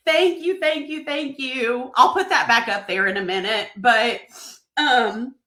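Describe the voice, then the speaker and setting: A woman, hosting a live stream in a chatty, excited way and reading viewers' comments aloud. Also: on the high side, a little slow, echoey room. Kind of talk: emotional live-stream book reveal.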